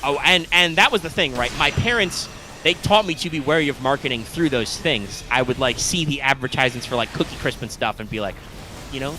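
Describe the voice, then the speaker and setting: A man's voice: medium pitch, expressive, fairly quick, sharp tone, a little hiss or hum. A young man co-hosting a live stream, chatting casually in a rambling, self-interrupting way with frequent swearing. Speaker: co-host of a live stream show.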